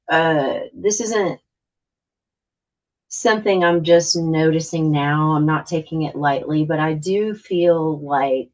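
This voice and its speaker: Slow-talking woman on a muffled call. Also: deep voice, a little mellow. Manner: frank, hesitant, many fillers. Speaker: housing board member. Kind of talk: meeting discussion. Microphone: video call.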